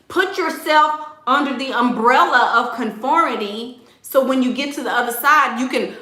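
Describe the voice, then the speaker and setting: A woman's voice: high voice, normal speed, bright, forceful tone, roomy sound, a little hiss or hum. A woman dating coach on a livestream, giving blunt, sassy and playful advice and reading out viewer comments.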